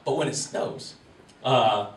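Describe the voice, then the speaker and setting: Self-deprecating comedian in a roomy club. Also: male voice, medium pitch, takes it slowly. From Wisconsin, USA. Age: 30s. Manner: self-deprecating, rambling with fillers. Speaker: stand-up comedian. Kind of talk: live stand-up set. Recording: roomy live venue, distant mic, crowd ambience. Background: room noise and audience.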